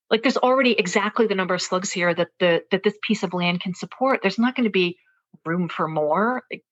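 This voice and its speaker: A woman guest on an interview show tells a personal story in an earnest, searching way. She thinks out loud and often stops to restart a sentence. Her voice sits at a middle pitch, and the recording sounds muffled and lo-fi. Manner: earnest, thinks aloud with many fillers and restarts. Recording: dull, lo-fi interview audio.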